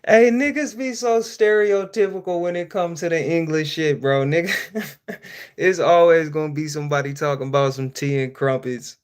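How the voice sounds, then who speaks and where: A man hosting a casual live-stream Q&A, swearing freely and joking with viewers, laughing often and swinging between loud outbursts and quiet asides. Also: a little high, fairly even intonation, moderate pace, smooth. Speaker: streamer host.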